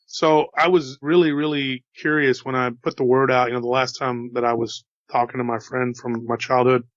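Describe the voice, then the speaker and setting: A man's voice: mid-range voice, flat delivery, normal speed, no echo, dull audio. A man with a slight Texas drawl telling a story in a casual, chatty way, with folksy asides to his listeners. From Texas, USA. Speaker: host telling encounter stories.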